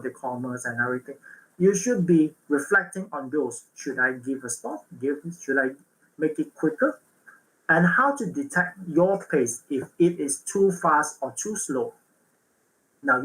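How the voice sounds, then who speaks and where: Slow-talking man teaching. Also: on the high side, fairly bright tone, rough recording. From Malaysia. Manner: frequent fillers and self-corrections, checks in with "right?". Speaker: workshop presenter. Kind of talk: online public speaking workshop lecture.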